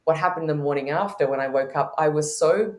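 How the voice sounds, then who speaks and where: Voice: mid-range voice, fairly quick. Candid guest telling stories, roomy sound. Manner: candid, storytelling, frequent laughter. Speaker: guest, intuitive teacher. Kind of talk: podcast conversation.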